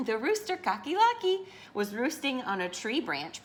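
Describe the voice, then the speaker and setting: A woman reading a picture book aloud to children, expressive and teacherly, pausing to ask her listeners questions. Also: fairly high pitch, slight background noise.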